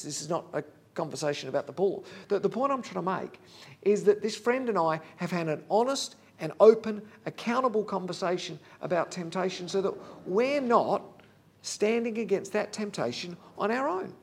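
A man's voice: sits high, expressive, normal speed, creaky, husky. A man preaching a sermon, earnest and candid, talking plainly to the congregation with fillers.

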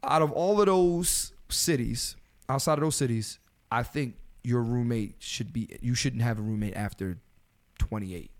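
A man in his thirties hosting a casual podcast chat, loud and profane, laughing often and lecturing his listeners. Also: medium pitch, measured pace. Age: 30s. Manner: loud, profane, laughs a lot, preachy rants to "fellas". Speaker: podcast host.

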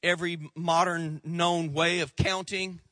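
Bright-voiced preacher telling funny stories. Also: male voice, fairly high pitch, measured pace, dry recording. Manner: animated, humorous storytelling. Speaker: pastor. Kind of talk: sermon.

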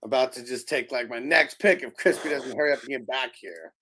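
A man's voice: medium pitch, a little fast, pushed and bright, husky. A man hosting a casual fantasy draft show, easygoing, laughing often and reading out chat comments. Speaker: podcast host running a fantasy draft.

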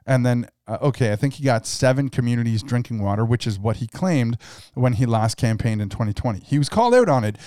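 A man's voice: medium pitch, lively intonation, fairly quick, mellow, no room sound. A man co-hosting a casual podcast, rambling through opinions with dry jokes. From Canada. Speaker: podcast co-host.

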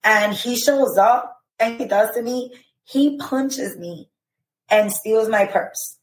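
Woman, podcast guest, emotional personal storytelling, halting speech, roomy reverb. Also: a little high. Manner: emotional, halting, many fillers.

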